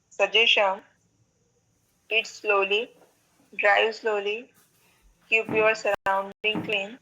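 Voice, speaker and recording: Flat, slow woman reading drills. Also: mid-range voice, poor audio. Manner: flat, deliberate reading with small restarts. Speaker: adult English learner. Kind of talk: reading English sentences aloud in class.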